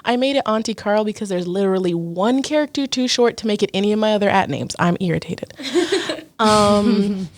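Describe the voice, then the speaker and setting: A woman's voice: mid-range voice, animated, moderate pace, no room sound. A young woman chatting as a podcast guest, candid and self-deprecating. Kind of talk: casual podcast chat.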